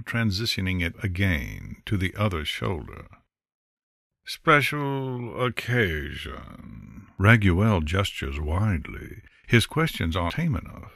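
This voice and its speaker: A man narrating a fantasy novel in an unhurried, expressive storytelling manner. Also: low-pitched, vocal fry, no room sound, studio quality. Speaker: audiobook narrator. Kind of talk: scripted narration.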